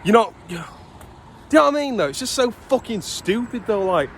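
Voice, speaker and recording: British guy, early twenties, slightly high voice, cussing vlogger over loud street traffic. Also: very animated, fairly quick. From Britain. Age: 20s. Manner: swearing, exasperated storytelling. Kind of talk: casual ranting vlog. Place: outdoors walking along a street.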